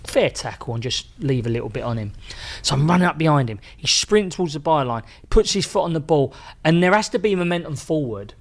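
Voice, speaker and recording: Male ex-pro, lively slangy raconteur with a lot of laughs, fairly high voice. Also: brisk, few pauses, dry recording. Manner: animated, laughs often, slangy. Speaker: former footballer guest. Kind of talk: casual podcast storytelling.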